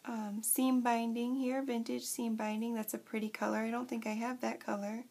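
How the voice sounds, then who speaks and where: Gushing woman with a gravelly edge. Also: fairly high pitch, normal speed. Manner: gushing, excitable, chatty. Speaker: craft vlogger. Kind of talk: casual unboxing chat.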